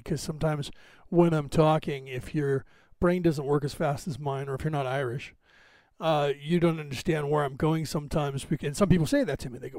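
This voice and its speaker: A man's voice: fairly high pitch, creaky, a little mellow, no echo. A man hosting a podcast, talking in a digressive, self-assured casual monologue full of asides and tangents. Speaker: podcast host.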